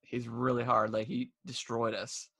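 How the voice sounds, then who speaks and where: Man, podcast co-host, casual and rambling, mid-pitched voice. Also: unhurried, gravelly, fairly bright tone, slightly rough. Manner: rambling, many restarts and fillers; laughs while retelling stories. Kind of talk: casual chat.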